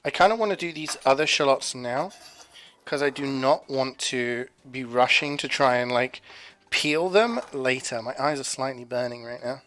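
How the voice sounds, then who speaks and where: A man's voice: medium pitch, normal speed, a bit bright, slight background noise. A man streaming from his home kitchen, rambling casually to his chat as he cooks. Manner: rambling, chatty, talking to chat while cooking.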